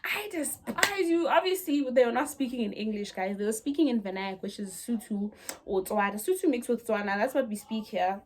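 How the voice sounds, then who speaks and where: A woman's voice: mid-range voice, brisk, darkish tone. A young woman telling a dramatic story in a chatty vlog, speaking straight to her viewers. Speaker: vlogger. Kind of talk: casual storytime.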